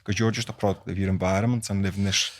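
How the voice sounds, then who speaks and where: Fast-talking low-voiced man. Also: little pitch movement. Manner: earnest, chiming in with agreement. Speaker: podcast host. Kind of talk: podcast conversation.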